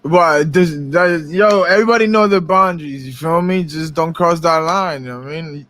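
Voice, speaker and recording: A man's voice: fairly high pitch, normal speed, a bit bright, dry recording. A young man co-hosting a podcast, talking in loose slang and repeating his points. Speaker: co-host. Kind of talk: casual chat.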